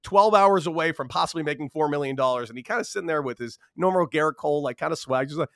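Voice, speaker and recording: A man hosting a casual sports chat who tells animated stories, laughing and repeating himself. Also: a little high, quick pace, gravelly, no room sound, studio quality. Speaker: podcast host.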